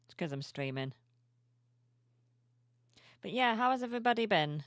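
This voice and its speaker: A sleepy woman streamer chatting softly and cheerfully with her viewers at home, reading their messages aloud. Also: mid-range voice, lively intonation, normal speed, no echo, clean studio sound. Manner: soft-spoken, cheerful, reads chat aloud. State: sleepy, yawning. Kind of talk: casual live-stream chat. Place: home room with plushies.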